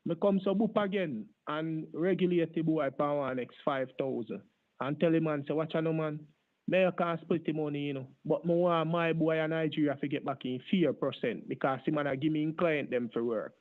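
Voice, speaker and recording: A scambaiter, lightly acting in a fairly high voice with fairly even intonation, talks quickly as a boastful Jamaican street hustler in thick put-on patois. Heard over a tinny phone line, he's insistent and long-winded, rambling and repeating "brother" and "my father."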